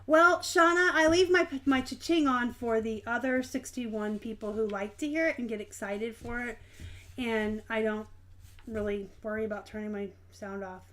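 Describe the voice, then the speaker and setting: A woman's voice: fairly high pitch, steady tone, normal speed. A woman hosting a casual live stream, reading viewer comments and chatting frankly with lots of ums and self-corrections. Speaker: host of a live reselling Q&A stream.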